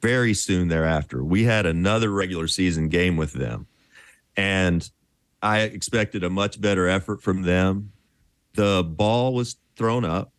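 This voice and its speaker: A man in his fifties, a former pro basketball player, telling relaxed, chuckling stories in a casual interview. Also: deep voice, unhurried, dry recording, clean studio sound.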